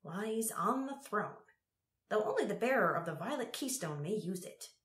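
A woman's voice: medium pitch, lively intonation, moderate pace, pitched above the performer's own voice, close to an everyday voice. A woman voicing a wary old man who speaks in a sly, knowing way, recorded in a roomy space. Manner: sly, hushed at times. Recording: roomy echo.

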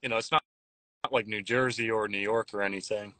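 A man chatting casually as a guest, rambling and halting with frequent restarts. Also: lowish voice, fairly even intonation, bright, forceful tone, no room sound. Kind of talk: casual chat. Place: Nashville.

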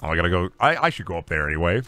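Young iowa guy streaming games, bright voice, crude and rambly, swears a lot. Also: low-pitched, sing-song, racing, soft background music. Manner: crude, rambling and self-mocking, swears often. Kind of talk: casual gaming stream commentary.

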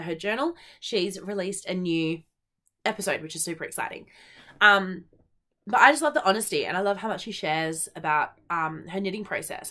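Chatting casually by herself, this young Australian woman who hosts a knitting podcast jumps from one idea to the next with lots of energy. Her voice is bright and clear, and she fills her talk with plenty of ums and likes.

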